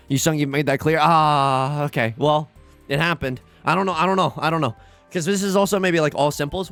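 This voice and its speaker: A young man commenting on his own online game as he plays, self-mocking and excitable, swinging from mumbled asides to loud outbursts. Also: on the high side, brisk, soft background music. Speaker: gaming YouTuber. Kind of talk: live commentary while playing.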